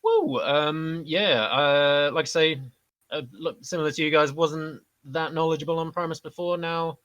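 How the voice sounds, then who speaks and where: A man's voice: on the high side, fairly even intonation, moderate pace, fairly bright tone, dry recording, dull audio. A man in casual chat, giving his view of an album in an easygoing way. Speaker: band member.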